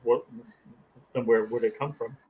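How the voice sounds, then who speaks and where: Male co-host, mid pitch; dry quips and casual banter. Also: fairly even intonation, measured pace, narrow, tinny audio, a little hiss or hum. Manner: dry, joking interjections. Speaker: podcast co-host. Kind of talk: casual livestream chat.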